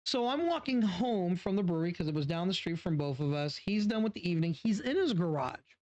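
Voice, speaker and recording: A man's voice: sits high, animated, a little fast, a little mellow. A man reviewing beer who tells a long personal story casually, rambling and swearing, often restarting his sentences. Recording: dull lo-fi sound.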